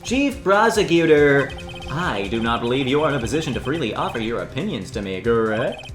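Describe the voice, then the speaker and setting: A man voicing a pompous, scheming middle-aged male villain, haughty and theatrical with drawn-out words. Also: medium pitch, big pitch swings, lightly acted. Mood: domineering. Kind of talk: fan voicing of a game playthrough. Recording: roomy echo, game music. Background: game music.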